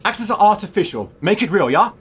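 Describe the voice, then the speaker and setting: Pretentious clipped theatre director. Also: male voice, high voice, big pitch swings, fast talker, slightly rough, full character voice. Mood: terse directing. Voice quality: clipped pronouncements ending in a questioning "yeah?". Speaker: self-styled theatre director. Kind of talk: sitcom acting.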